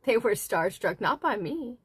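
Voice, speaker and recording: Woman on a crochet livestream, slow and lively, counts stitches half under her breath, dry close sound. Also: on the high side, husky, no room sound. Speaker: livestream host. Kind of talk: casual crochet livestream chat.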